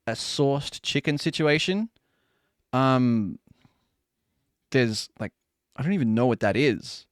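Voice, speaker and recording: Animated male streamer, joking reaction chat, close dry mic. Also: mid-range voice, dry recording. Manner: animated, joking, quick laughs.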